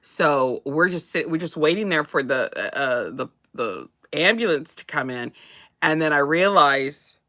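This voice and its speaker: A woman co-hosting a casual chat with a bright, ringing tone. She tells her story in a rambling way, restarting and laughing often. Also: low voice, measured pace. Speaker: co-host.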